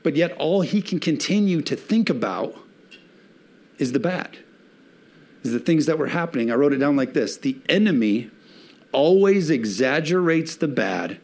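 A male pastor preaching a sermon with emphatic swells and slowed, stressed phrases, a father of young children. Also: fairly high pitch, expressive, a little mellow.

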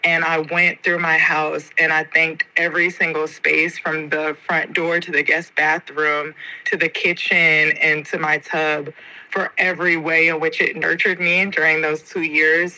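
Podcast guest, young American woman, bright and expressive, emotional storytelling. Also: sits low, measured pace, poor audio. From United States (Georgia). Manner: expressive, slangy, heartfelt.

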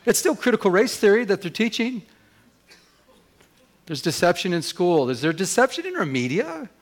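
A male pastor preaching to his congregation with a voice set a little higher than most men's. He is emphatic, keeps asking the room direct questions, and speaks with conviction. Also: very animated, moderate pace, a little hiss or hum. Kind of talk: sermon. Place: church.

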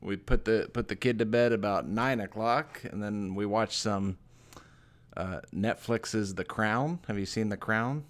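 Lowish man, sarcastic podcast banter. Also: measured pace. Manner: sarcastic, self-deprecating, rambling with fillers. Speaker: podcast co-host. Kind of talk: casual chat.

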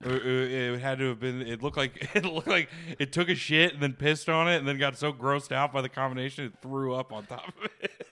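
Smooth-voiced man in profane casual chat. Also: mid-range voice, a little fast, few pauses. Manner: profane, animated, jokey. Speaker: podcast co-host.

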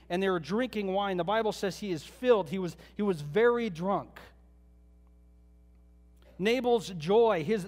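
A pastor preaching a sermon, retelling a Bible story in a conversational way with joking asides. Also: male voice, sits high, long reverb tail.

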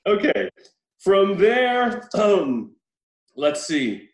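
A man with a slightly high voice retells a film in casual chat, acting out the lines with animated, profane energy. His voice rings in an echoey room. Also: very slow.

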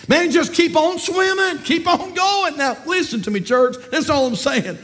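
A pastor with a Southern US accent preaches from the pulpit, his voice sitting very high for a man. He moves between quiet, storytelling passages and ringing, emphatic calls to his church. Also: lively intonation, normal speed, hardly any pauses, soft background music. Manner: emphatic preaching that rises to shouts and drops low. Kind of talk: sermon with storytelling.

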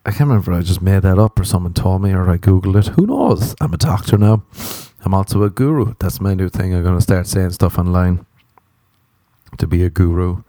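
Gravelly young Irish guy rambling. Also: sits low, brisk, warm tone, no echo. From Ireland. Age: 20s. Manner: profane, self-mocking, wandering asides. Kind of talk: rambling solo comedic chat.

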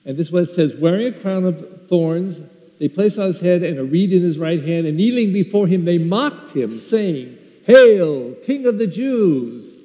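An older man, a parish priest, telling a story in an earnest Sunday sermon that swings between loud and soft. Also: high-pitched, expressive, moderate pace. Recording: lo-fi recording in a reverberant church.

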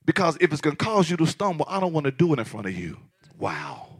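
A male pastor preaching a passionate sermon, swinging from shouted lines to hushed asides. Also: a little high, huge pitch swings, fast talker, husky.

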